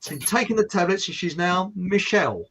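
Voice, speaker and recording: A man's voice: high voice, expressive, normal speed, fairly bright tone, husky, rough recording. A man from Hertfordshire with an estuary English accent, hosting a casual chat show and rambling cheerfully. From Hertfordshire, England. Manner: chatty, rambling, laughing often. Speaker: host.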